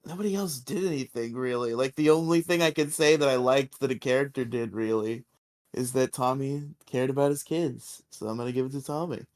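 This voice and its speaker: A man's voice: medium pitch, brisk. A man co-hosting a casual podcast, recapping episodes with lots of laughter and acted-out lines. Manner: animated, laughs often, acts out characters' lines. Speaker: podcast co-host.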